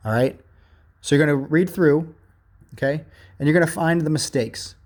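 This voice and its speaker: A male teacher giving a remote grammar lesson, reading examples from a workbook and explaining them slowly with frequent "okay?" check-ins. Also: on the high side, darkish tone.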